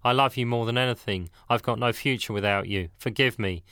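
A jealous, possessive young man from an audiobook, as the reader puts him on, his voice bright and pushing. He swings from pleading to angry demands. The sound is close and dry. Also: medium pitch, fairly quick, smooth, no room sound, natural voice.

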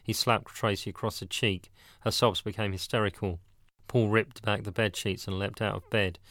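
A man narrating a dramatic story in a steady, plain storytelling manner. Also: lowish voice, normal speed, dry recording. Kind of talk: scripted narration.

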